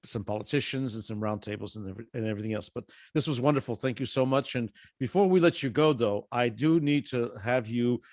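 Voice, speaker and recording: A man hosting a community video-call interview, thanking guests warmly and hesitating often. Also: medium pitch, quick pace, few pauses, dry recording, clean studio sound. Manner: warm thanks, many fillers and restarts. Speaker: host, community organizer. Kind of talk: interview host wrapping up.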